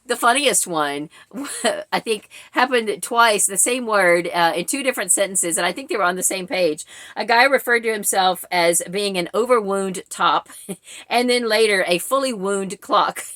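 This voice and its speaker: A woman's voice: mid-range voice, expressive, normal speed, bright, forceful tone, no echo, clean studio sound. A woman in her forties giving casual vlog commentary as a book reviewer, chatty and explanatory, with frequent fillers.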